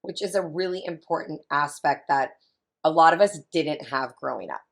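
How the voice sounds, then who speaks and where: A woman in her thirties with a low voice and a touch of vocal fry. She talks chattily and with emphasis, circling back to repeat her main points as a guest. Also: normal speed. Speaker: family consultant guest. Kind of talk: casual interview talk.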